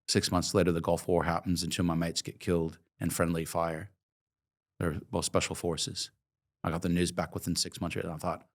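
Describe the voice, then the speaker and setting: Speaking a little fast in a low-sitting voice, a coffee company founder from Oregon, USA, in his fifties, shares his life story during an interview. He is reflective and emotional, pausing on many hesitant ums.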